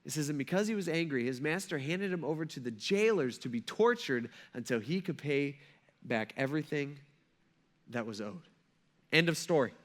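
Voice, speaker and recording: A man with a notably high voice delivers a sermon as a pastor. He talks in a loose, conversational way and leans hard on key words. He keeps pausing to ask his listeners "right?". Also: fairly bright tone. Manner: conversational and emphatic, checks in with "right?".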